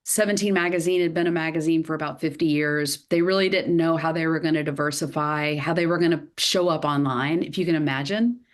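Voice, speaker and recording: A woman in her fifties with a Southern US accent, a podcast guest telling her career story in a lively way with many fillers. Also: low-pitched, fairly quick, hardly any pauses. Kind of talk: podcast interview.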